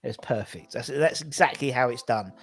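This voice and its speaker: A man hosts a casual football fan chat show, rambling cheerfully from one story to the next and reading out viewer comments. His voice sits at an ordinary middle pitch. Faint music plays underneath. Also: moderate pace, husky. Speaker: podcast host.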